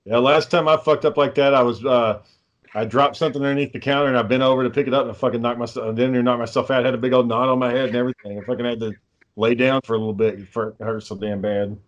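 A man's voice: mid-range voice, steady tone, rapid-fire, dull audio. A man in casual banter with friends, blunt and laid-back, swearing heavily while planning an amateur wrestling film.

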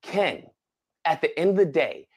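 A man co-hosting a podcast, retelling a movie plot in casual chat with animated, dramatic exclamations. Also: fairly high pitch, measured pace, husky. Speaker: podcast co-host.

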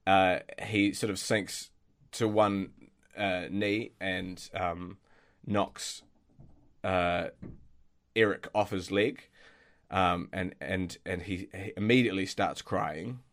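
A man's voice: low-pitched, steady tone, slow, fairly bright tone. A man narrating as game master in a tabletop game, hesitant with many fillers and restarts.

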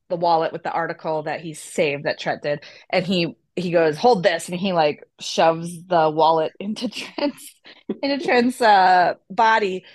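A woman's voice: on the low side, no room sound. A woman, an editor, recalling a set mishap in a casual interview and searching for her words.

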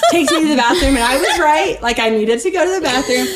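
Speaking quickly with a high, lively voice, a woman in her thirties chats casually as an interview guest over a very noisy recording. She's bubbly, laughs a lot while telling stories, and leans heavily on "like" as a filler.

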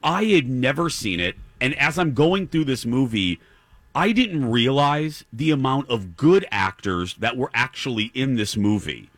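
Animated man ranting on a podcast. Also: medium pitch, measured pace, no echo. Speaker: podcast host. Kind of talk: casual chat about movies.

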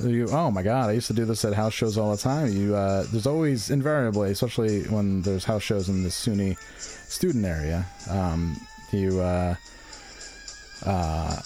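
A man's voice: fairly low pitch, normal speed, warm tone. A man in casual chat, telling rambling, profane stories, with faint music behind.

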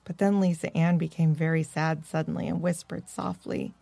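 A woman narrating a children's storybook in a gentle, measured way. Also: deep voice, flat delivery, gravelly, no room sound.

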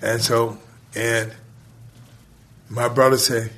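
Husky man telling a story. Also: medium pitch. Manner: animated, retells scenes with quoted dialogue, laughs between lines; colloquial grammar, drawn-out pauses. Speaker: guest telling a life story. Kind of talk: casual storytelling.

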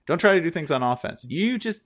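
A man's voice: on the high side, a little fast. Sarcastic guy hosting a sports podcast, voice all over the place. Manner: sarcastic, animated, joking. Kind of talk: casual sports podcast chat.

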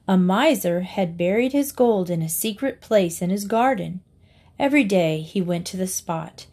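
A woman's voice: on the low side, lively intonation, warm tone. A woman narrating a series of short fables, reading each story aloud with its moral. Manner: slow, deliberate reading aloud. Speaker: reader.

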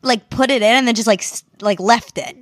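A woman's voice: fairly high pitch, a little fast, dry recording, studio quality. A woman in her twenties, a guest, talking candidly and chattily, often trailing off mid-sentence. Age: 20s. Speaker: guest, comedian. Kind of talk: casual chat.

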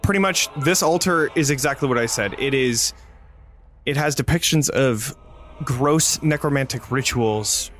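A man running a tabletop role-playing game as game master, describing scenes in a measured way. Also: mid-range voice, fairly bright tone, faint music behind.

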